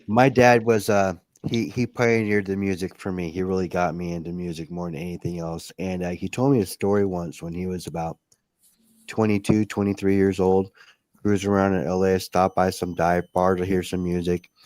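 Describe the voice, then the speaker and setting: Brief: man, lowish voice, dry close mic, upbeat storyteller. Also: little pitch movement, normal speed, a little mellow, dry recording. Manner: upbeat anecdotes, "right?" checks. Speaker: co-host. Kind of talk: casual chat.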